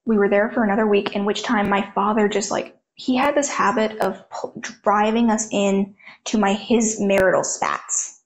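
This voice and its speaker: An eighteen-year-old woman speaks as an interview guest, her mid-height voice carrying a steady vocal fry. She tells her own story in an open, conversational way, with frequent "like" fillers. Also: mid-range voice, normal speed. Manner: frank, conversational, heavy use of "like". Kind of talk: candid personal storytelling.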